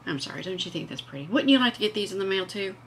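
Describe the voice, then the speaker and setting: A woman hosts a casual vlog, chatting and gushing with enthusiasm. Her voice has a bright, forward tone. A faint background hiss sits under the recording. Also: mid-range voice, animated, very fast. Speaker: vlog host.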